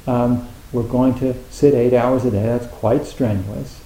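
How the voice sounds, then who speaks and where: A man's voice: mid-range voice, fairly even intonation, measured pace, dark tone. A man giving an informal Zen talk to retreat students, rambling with many fillers and restarts. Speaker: Zen teacher. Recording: echoey room.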